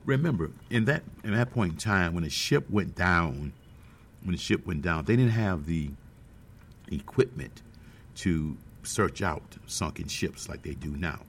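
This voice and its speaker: Deep gravelly-voiced man preaching, keeps repeating lines for emphasis, faint room hum behind. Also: animated, measured pace. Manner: emphatic, repeats key phrases, addresses congregation. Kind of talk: sermon.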